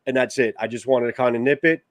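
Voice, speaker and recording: A man with a New York accent co-hosting a casual livestream chat, animated and greeting viewers by name. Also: mid-range voice, quick pace, dry recording. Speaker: co-host.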